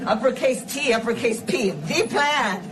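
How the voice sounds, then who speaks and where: Woman politician, public speech, deliberate stress on words, slightly high voice, noisy clip. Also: expressive.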